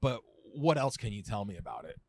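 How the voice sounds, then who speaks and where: A man in his thirties, a food writer and podcast guest, talking casually with lots of restarts, fillers and quick laughs. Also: fairly low pitch, expressive, no echo, studio quality. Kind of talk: casual conversational chat.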